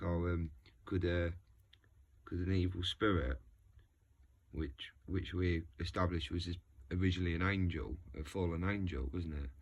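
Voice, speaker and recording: A man musing casually to his video audience, rambling and restarting his sentences. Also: sits low. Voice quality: rambling, self-interrupting, frequent restarts. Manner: animated, laughs often. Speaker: video host.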